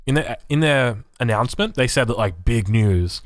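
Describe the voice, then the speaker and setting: A man's voice: medium pitch, expressive, normal speed, dry recording. An Australian man streaming a strategy game, rambling casually and reading chat aloud. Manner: rambling, chatty, swears, reads chat aloud.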